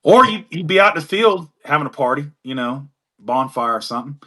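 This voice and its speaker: A man's voice: a little high, expressive, brisk, pushed and bright. A tired man with an East Tennessee twang, spinning rambling folksy stories in a casual panel chat. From East Tennessee, USA.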